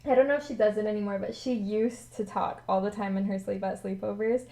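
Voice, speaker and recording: A woman's voice: mid-range voice, fairly even intonation, a little fast, gravelly, mellow, low-quality recording. A young woman co-hosting a casual podcast, telling a story in a chatty way with many fillers. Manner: chatty, laughing, lots of fillers like "like". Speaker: podcast co-host. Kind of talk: casual chat.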